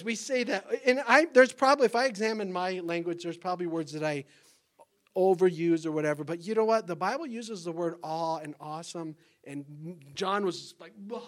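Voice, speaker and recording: A man delivering a sermon in a noticeably high voice. He preaches with animated energy, breaking into exclamations and acting out small conversations to make his points. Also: normal speed. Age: adult parent. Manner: animated, exclaims and acts out little dialogues. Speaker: pastor.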